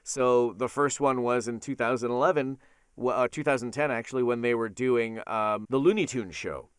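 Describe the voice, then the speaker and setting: A middle-aged man is a guest in an interview, talking about his work with a smooth, resonant tone. He sounds earnest and thankful and often says "uh" between thoughts. The recording is dry and close. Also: mid-range voice, normal speed, no room sound. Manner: earnest and grateful, with frequent fillers. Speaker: voice actor guest. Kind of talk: casual interview chat.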